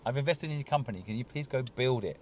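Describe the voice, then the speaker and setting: Casual, joking man hosting a live stream outside. His voice sits at an ordinary middle pitch. Steady traffic and city noise fill the background. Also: fast. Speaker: host. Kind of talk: live street stream chat. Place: outdoors on a city street.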